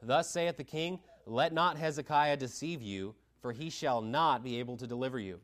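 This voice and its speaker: A man's voice: moderate pace, a bit bright. Emphatic man preaching a sermon. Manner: emphatic, dynamic pitch swings, reads scripture aloud.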